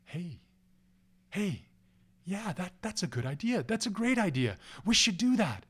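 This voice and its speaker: A man's voice: high voice, sing-song, unhurried, slightly rough, heavily acted. A man voicing a male hunting party that stammers and then eagerly agrees.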